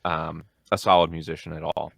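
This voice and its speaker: A man's voice: a bass voice, level tone, brisk, vocal fry, fairly bright tone, no echo, clean studio sound. A man co-hosting a casual music review podcast, upbeat and chatty. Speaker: podcast co-host.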